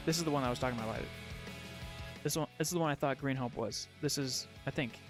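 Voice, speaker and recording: A young man streaming while he draws, chatting casually in a rambling, excitable way full of fillers. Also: medium pitch, fast talker. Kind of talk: casual live-stream chat while drawing. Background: faint music.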